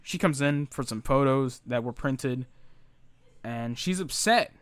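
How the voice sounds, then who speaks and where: An unhurried young man with a smooth mid-range voice tells profane, ranting stories about his former retail job. He swears often, leans on fillers, and restarts his sentences in a casual way. No echo is present.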